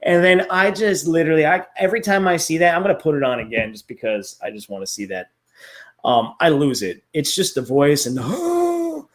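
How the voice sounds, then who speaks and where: A man's voice: on the high side, wildly swooping pitch, a little fast. A man chatting casually about a favorite cartoon, rambling, laughing often and swearing freely. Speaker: vlogger reviewing a cartoon series. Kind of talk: casual chat.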